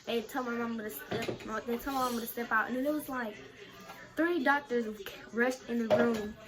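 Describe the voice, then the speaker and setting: A woman's voice: a little high, fairly even intonation, normal speed. A teenage girl vlogging a casual storytime, talking in a chatty way full of "like". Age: teens. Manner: chatty, fills talk with "like".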